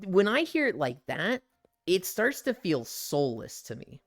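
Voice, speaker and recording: A man's voice: high voice, big pitch swings, a little slow, vocal fry, a bit bright, soft background music. A man chatting candidly on a live stream, swearing freely and laughing often. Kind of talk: casual live-stream chat.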